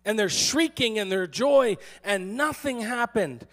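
Man, pastor, sermon, high voice, sarcastic, playful storytelling. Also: lively intonation, a little slow, a bit bright.

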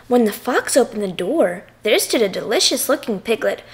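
Lively high-voiced woman reading to kids. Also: moderate pace. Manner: expressive, playful storytelling. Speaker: narrator. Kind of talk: children's read-aloud.

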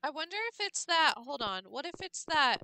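A woman's voice: high-pitched, lively intonation, moderate pace, bright, forceful tone, a little hiss or hum. A woman streamer muttering and thinking aloud while puzzling through a game. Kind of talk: casual gameplay commentary.

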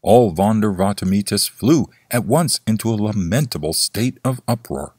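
A man's voice: on the low side, expressive, normal speed, hardly any pauses, a little mellow, breathy edge, no room sound, clean studio sound. A man narrating a classic story as an audiobook, in a theatrical reading style. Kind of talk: scripted horror story narration.

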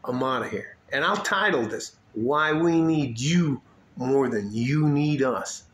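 Man, late fifties, mid-pitched, blunt and profane unscripted rant, echoey room, faint background hum. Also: expressive, takes it slowly, fairly bright tone. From United States. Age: 50s. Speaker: vlogger.

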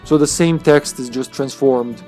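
A man's voice: mid-range voice, unhurried, dark tone, faint music behind. A man streaming a video game live, chatting casually in a rambling way and chuckling often between thoughts. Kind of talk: casual live-stream chat while playing.

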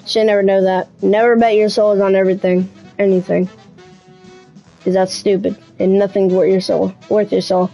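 Chatty woman streamer, mellow voice. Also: medium pitch, flat delivery, moderate pace, faint music behind, low-quality recording. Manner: chatty, scattered, with "anyway" asides. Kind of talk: casual gameplay commentary.

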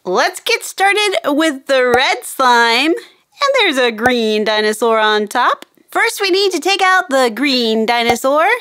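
A young adult woman hosting a children's show, narrating slowly and gently in a sing-song, animated way for kids. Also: high voice. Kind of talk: slow kid-directed narration.

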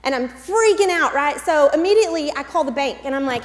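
A woman's voice: high-pitched, lively intonation, brisk, long reverb tail. A woman in her thirties telling a chatty, self-deprecating personal story to a church congregation. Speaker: church speaker. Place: church hall.

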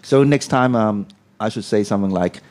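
Low mellow-voiced man asking questions. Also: normal speed. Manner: hesitant, many fillers and restarts, asks questions. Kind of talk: casual pronunciation lesson.

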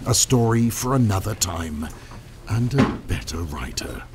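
A man's voice: lowish voice, expressive, a little slow, background noise. A man reading a scripted voice-over narration with a dry, wry delivery.

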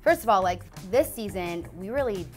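A woman's voice: medium pitch, lively intonation, moderate pace, soft background music. A woman interviewing a guest in a bubbly, chatty way, a little out of breath, saying "like" a lot. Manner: bubbly and chatty, heavy use of "like". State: a bit out of breath. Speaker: entertainment news interviewer. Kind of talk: casual interview.

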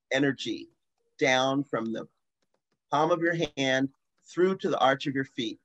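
A man leading a slow, soothing guided grounding meditation as the facilitator of a video-call assembly. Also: a little high, muffled recording. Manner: slow, soothing guidance with bursts of excitement.

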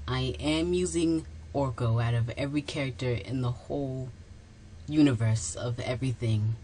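A woman's voice: a bass voice, a little mellow, a little hiss or hum. A woman giving a blunt, dismissive commentary on a video.

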